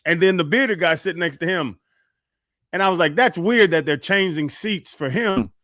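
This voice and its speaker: A man's voice: high voice, normal speed, no room sound, clean studio sound. A man co-hosting a sports radio show, telling a story casually and acting out the quotes. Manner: animated storyteller, acts out quotes.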